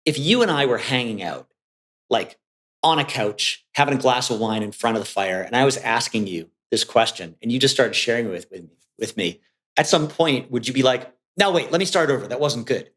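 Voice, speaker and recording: A man's voice: mid-range voice, normal speed. A man as a podcast guest, talking casually and acting out his clients' voices as he speaks. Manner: animated, acts out clients' voices. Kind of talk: casual conversation.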